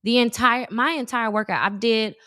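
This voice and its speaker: A woman's voice: on the high side, moderate pace, no room sound, clean studio sound. A woman in her thirties, a guest in a casual chat, telling stories with lots of acted-out quotes. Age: 30s. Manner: animated storyteller, acts out quotes.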